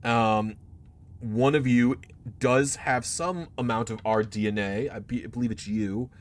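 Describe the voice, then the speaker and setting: A man's voice: medium pitch, measured pace, natural voice. A man voicing a cold, imperious alien starship captain who speaks formally and condescendingly in a tabletop game. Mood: haughty.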